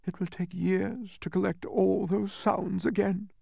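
A man's voice: high voice, level tone, a little slow, vocal fry, mellow, dry recording, pitched above the performer's own voice, exaggerated voice. Storybook figure: a kind, worried woman voiced by a man with a raised, lilting voice and a dry, close sound. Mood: earnest. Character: kindly, fretful woman who keeps sounds.

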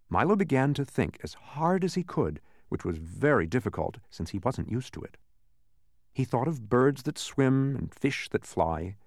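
A man reads a children's story aloud with a lively, swooping voice. His delivery is animated and expressive. It is recorded close and dry, with no room sound. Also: deep voice, moderate pace, dry recording. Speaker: narrator. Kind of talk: audiobook narration.

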